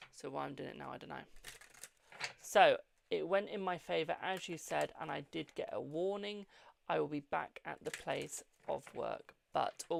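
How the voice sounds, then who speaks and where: British accent, gravelly voice, casual live-stream reading, chatty, profane, affectionate with viewers. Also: medium pitch, a little hiss or hum. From United Kingdom. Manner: chatty, swears freely, calls viewers "my darling". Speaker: tarot reader hosting a live stream.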